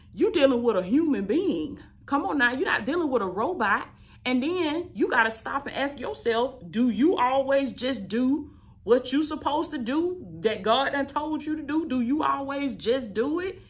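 A woman in her thirties, a life coach, giving an emphatic, repetitive motivational talk with an affectionate, preachy warmth. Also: a little high. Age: 30s. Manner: emphatic, repetitive, preachy, affectionate, calls listeners "baby" and "y'all". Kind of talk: motivational teaching talk to camera.

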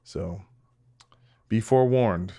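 A male podcast host with a lowish voice talks alone to his audience in a casual, wandering way. He mocks himself, restarts his sentences, and swears freely. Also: takes it slowly, dark tone. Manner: rambling, self-mocking, frequent restarts and laughs; swearing, direct address to listeners. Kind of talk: casual solo podcast monologue.

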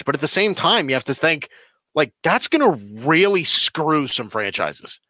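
Bright-voiced man in casual sports chat. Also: a little high, sing-song, moderate pace, dry recording. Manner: rambling, lots of fillers and restarts. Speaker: sports podcast co-host.

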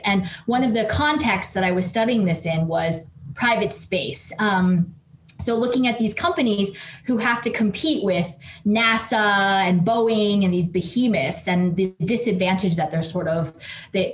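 A woman researcher telling a lively story as an interview guest, with plenty of "like"s and restarts. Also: medium pitch, echoey room. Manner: lively anecdote full of "like" and restarts. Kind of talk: storytelling in conversation.

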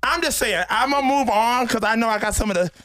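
A man hosting a podcast in casual chat, animated and hyping his guest, now and then singing lines of songs. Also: extremely high pitch, fast, a little hiss or hum. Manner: animated, hypes guest, sings lyrics. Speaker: podcast host.

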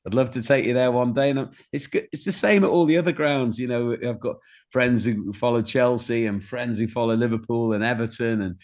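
A middle-aged man, a guest in an interview, telling stories in a warm way and often repeating words as he starts a sentence. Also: mid-range voice, brisk. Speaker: guest, singer-songwriter. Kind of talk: candid interview chat.

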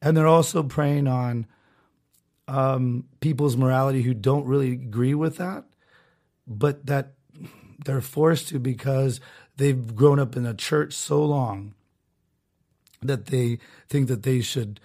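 A man's voice: mid-range voice, measured pace, a little mellow. A man hosting a solo podcast, talking in a rambling, sarcastic way with many restarts and asides. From Southern California. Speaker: podcast host.

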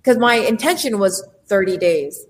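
A woman with a medium-pitched voice speaks at a moderate pace as a life coach and entrepreneur. She delivers an animated, emphatic motivational talk, acting out the voices people hear in their heads.

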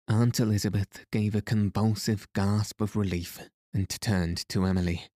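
A man reading a novel aloud as an audiobook narrator, calm and measured. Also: lowish voice, no room sound, studio quality. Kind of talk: scripted narration.

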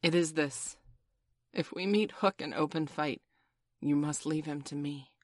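Brief: bold boastful boy leader, loud and proud, read by a woman. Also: low voice, a little slow, no echo, clean studio sound. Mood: commanding. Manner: proud, commanding.

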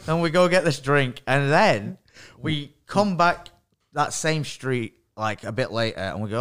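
A man's voice: medium pitch, normal speed, a bit bright. A man, co-hosting a podcast, telling stories in casual chat, swearing freely and laughing as he goes. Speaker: podcast co-host.

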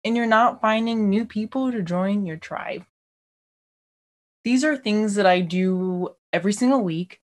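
A woman's voice: mid-range voice, unhurried. Bubbly chatty woman podcast host. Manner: bubbly, chatty, often says "like" and "y'all", laughs easily. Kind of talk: casual solo podcast chat. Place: home laundry room.

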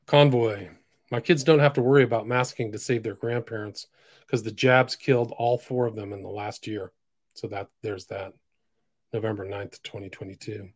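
A man hosting a solo podcast, reading posts aloud in a flat voice broken by sudden loud, emphatic bursts. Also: lowish voice, moderate pace, dry recording, studio quality. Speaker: podcast host.

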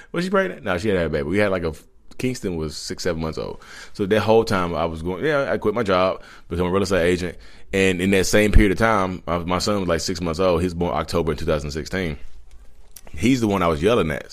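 Brief: man in his thirties, very low voice, fast and rambling, blunt vlog confessional. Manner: blunt, rambling, with self-corrections. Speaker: vlogger. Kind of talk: candid confessional monologue.

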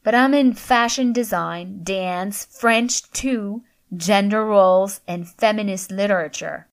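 A woman's voice: mid-range voice, slow pace. A woman voicing a flustered young male college freshman who pleads and complains in a harried way. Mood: pleading.

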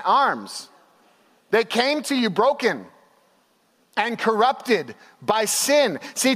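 High-voiced animated young male pastor. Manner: animated storytelling with laughs and acted-out quotes. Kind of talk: sermon. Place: church. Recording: long hall reverb.

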